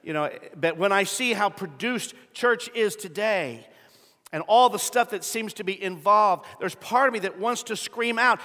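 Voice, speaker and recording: A middle-aged man preaching a sermon in a large sanctuary, his bright, fairly high voice ringing with a long hall reverb. He tells stories and then drives home his points with loud, emphatic bursts, clearing his throat now and then. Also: normal speed. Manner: storytelling preacher who builds to loud emphatic peaks. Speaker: pastor.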